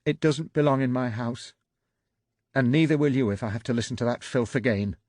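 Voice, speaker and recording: A man's voice: lowish voice, moderate pace, darkish tone, husky, no echo, studio quality. A man reading the part of a proud, hurt middle-aged wife who speaks with controlled, clipped fury. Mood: cold fury.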